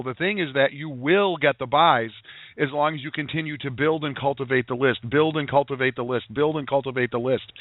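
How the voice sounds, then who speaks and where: A man's voice: medium pitch, no room sound. A man hosting a sales call, exhorting listeners in a pumped-up way and repeating phrases for emphasis. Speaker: host. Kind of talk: motivational sales call talk. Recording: tinny phone-line audio.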